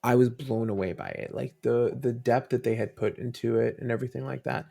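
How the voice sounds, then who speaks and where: Brief: a dad guesting on a fan chat show, rambling and warm-hearted, with gravelly vocal fry. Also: male voice, mid-range voice, brisk. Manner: rambling storytelling with many fillers and restarts. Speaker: podcast guest. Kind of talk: casual interview chat.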